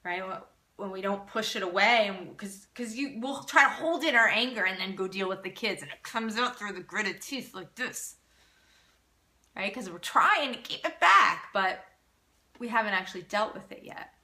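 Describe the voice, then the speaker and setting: A woman's voice: medium pitch, moderate pace, pushed and bright. A woman who is a parenting coach, hosting a live Q&A and talking in an earnest, encouraging way, often restarting her sentences. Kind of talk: casual live-stream Q&A talk.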